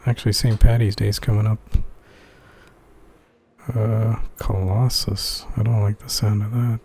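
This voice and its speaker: A man's voice: fairly low pitch, little pitch movement, measured pace, a little mellow, slightly rough. A laid-back man streaming a game playthrough and chatting casually with his viewers. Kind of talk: casual gameplay commentary.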